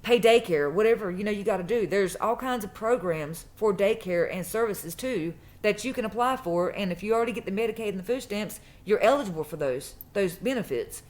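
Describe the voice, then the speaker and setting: A woman's voice: medium pitch, lively intonation, brisk, hardly any pauses, a little mellow. Woman, mid-range voice, emphatic casual storyteller. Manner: emphatic, repeats phrases for stress. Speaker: true crime vlogger.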